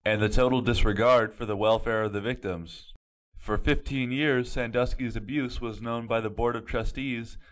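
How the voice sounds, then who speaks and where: A man reporting scripted news stories with a plain, steady delivery. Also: on the low side, rough recording.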